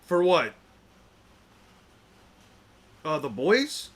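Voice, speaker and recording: A man's voice: fairly high pitch, big pitch swings, moderate pace, long pauses, fairly bright tone. A young man chatting casually with his viewers, rambling and repeating himself as he restarts his thoughts. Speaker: streamer reacting to chat.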